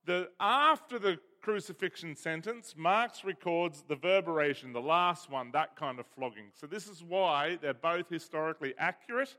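A man's voice: fairly high pitch, normal speed, few pauses, pushed and bright. A man preaching a sermon, explaining a Bible passage with emphasis and reading scripture aloud. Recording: hall reverb.

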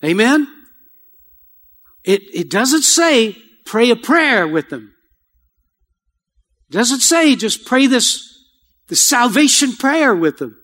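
A man preaching a sermon as pastor, calling out "Amen?" to the congregation and leading a slow, soft prayer. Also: very high voice, very animated. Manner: call-and-response preaching, repeated "Amen?". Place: church sanctuary.

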